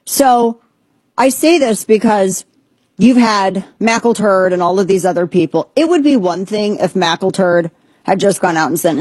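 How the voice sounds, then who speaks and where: A woman with a husky, slightly breathy voice, hosting an opinionated commentary monologue. She talks with sardonic emphasis and blunt slang, and her speech sounds dry and close, with no room echo. She has an ear infection. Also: mid-range voice, expressive, normal speed, a little mellow. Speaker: show host.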